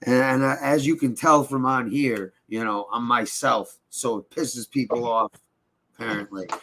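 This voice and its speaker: A man's voice: medium pitch, moderate pace, vocal fry, fairly bright tone, a little hiss or hum. A young man in casual podcast chat, telling a rambling, profane story and often checking in with "right?".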